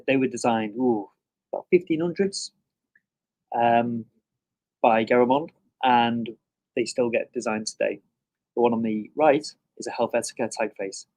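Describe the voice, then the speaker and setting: A middle-aged man giving a conversational classroom lecture, often checking in with "okay?" and pausing on "um". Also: medium pitch, darkish tone.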